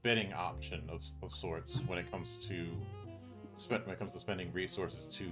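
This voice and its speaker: A man's voice: deep voice, steady tone, normal speed, over music. A man hosting an interview who asks curious, long follow-up questions. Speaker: interview host. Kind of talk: casual interview.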